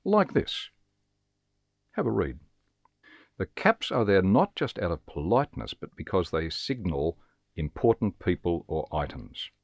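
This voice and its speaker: A man with a very deep voice narrates a scripted lesson, his pitch rising and falling with lively emphasis. He explains in a measured, teacherly way and reads examples aloud. The sound is close and dry, with no room echo. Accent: Australian. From Australia. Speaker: teacher giving a webinar.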